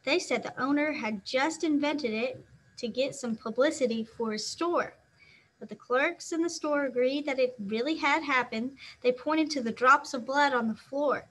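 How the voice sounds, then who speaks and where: Bright high-voiced woman reading aloud. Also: moderate pace. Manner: expressive, acts out sound words. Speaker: teacher. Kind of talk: reading a children's novel aloud.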